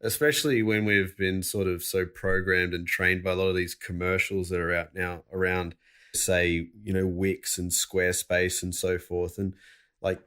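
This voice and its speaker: A man's voice: low-pitched, fairly bright tone. A young man hosting a business podcast, joking with his guest in casual chat before moving on to the topic. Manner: joking, upbeat. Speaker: podcast host.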